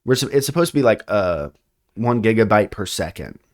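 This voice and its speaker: A man hosting a casual chat show, laughing often and breaking into loud bits. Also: lowish voice, animated, fairly quick. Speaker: podcast host.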